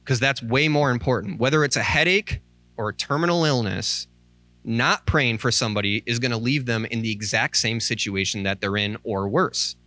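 A man's voice: medium pitch, normal speed, bright, forceful tone, no echo. A man preaching an informal sermon in a church as associate minister. He talks candidly and conversationally, close to tears, often adding "like" and "um.". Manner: candid and conversational, with many "like" and "um" asides; earnest and pleading. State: tearful, close to crying. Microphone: microphone.

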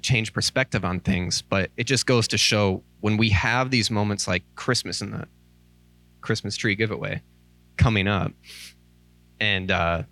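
A man's voice: lowish voice, bright, forceful tone. A man preaching an informal sermon in a church as associate minister. He talks candidly and conversationally, close to tears, often adding "like" and "um.". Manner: candid and conversational, with many "like" and "um" asides; earnest and pleading. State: tearful, close to crying. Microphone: microphone.

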